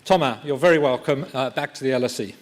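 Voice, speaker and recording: A man chairing an event in a lecture theatre, giving a formal, measured introduction with frequent "uh" pauses. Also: mid-range voice, heavy background noise.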